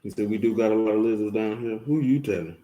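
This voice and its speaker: A man's voice: on the low side, quick pace, warm tone. A man preaching in a casual, blunt way, with profanity and jokes mixed into his teaching. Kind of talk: casual sermon-style teaching. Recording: roomy echo.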